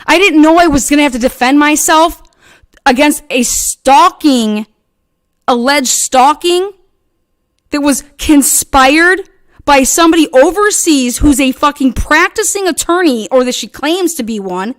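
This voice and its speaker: A woman tears into her critics in a heated, profanity-laced livestream rant. Her voice sits somewhat high and is recorded close and dry, with no room sound. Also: animated, measured pace, no room sound. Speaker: channel host.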